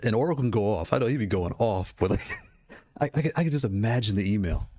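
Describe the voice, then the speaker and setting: A man's voice: fairly low pitch, lively intonation, quick pace, a little mellow, dry recording. A man casually talking through gaming controller prices, rambling and repeating himself with frequent laughs. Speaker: gaming hardware streamer. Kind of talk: casual product commentary.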